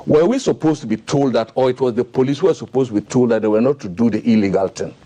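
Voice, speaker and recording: A man's voice: medium pitch, quick pace, dark tone, a little hiss or hum. A man with a Ghanaian English accent, giving indignant, impassioned commentary as a radio panelist and firing off rhetorical questions in a studio. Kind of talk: heated radio talk-show commentary.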